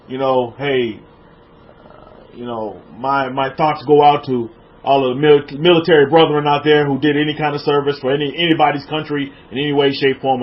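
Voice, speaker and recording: The audio is dull, and the American preacher's voice sits fairly high. Addressing his livestream viewers casually, he reads their comments aloud and repeats his words as his informal sermon builds.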